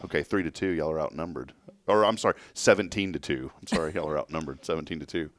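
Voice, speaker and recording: Deep-voiced jokey man host. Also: quick pace. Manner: jokey, laughing, plays with words. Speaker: talk show host. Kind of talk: casual chat. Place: studio with audience.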